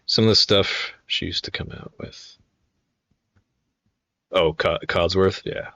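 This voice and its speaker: A man's voice: low-pitched, fairly even intonation, slow pace, pushed and bright, highs cut off. A man in his twenties chatting casually on a live stream, telling rambling, profane stories full of fillers and restarts. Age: 20s.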